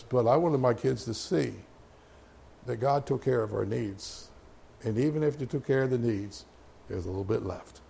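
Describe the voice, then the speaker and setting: A man's voice: mid-range voice, creaky, dark tone. A middle-aged man preaching a sermon as pastor, conversational and folksy, with chuckling asides to the congregation.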